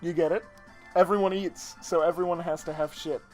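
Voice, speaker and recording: A woman's voice: lowish voice, fairly even intonation, fairly quick, a little mellow, soft background music. A woman co-hosting a let's play, giggly and rambling, with jokey casual commentary.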